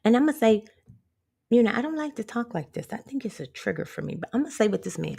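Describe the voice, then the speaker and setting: A woman with a raised, gravelly voice gives a blunt, profane pep talk straight to her viewers. Her pitch swings widely, and she breaks into laughter as she goes. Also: sing-song, quick pace, warm tone. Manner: sassy, talks straight to viewers. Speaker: empowerment vlogger. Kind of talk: casual motivational rant.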